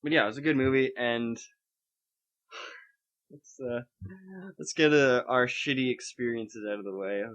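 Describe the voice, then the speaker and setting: A man's voice: mid-range voice, unhurried, long pauses, a bit bright, muffled recording. A young man co-hosting a podcast in casual chat, ranting and swearing with sarcasm. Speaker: podcast co-host.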